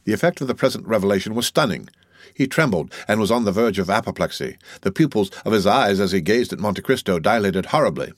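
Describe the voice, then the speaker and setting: A man narrating a classic novel in a measured, even way. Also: on the low side, no room sound, studio quality. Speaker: audiobook narrator.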